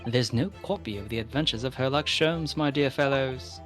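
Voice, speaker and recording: A woman's voice: very deep voice, moderate pace. A woman voicing a pompous, eccentric male detective in a put-on British accent, over game music. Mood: grandiose. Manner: theatrical, grandiose.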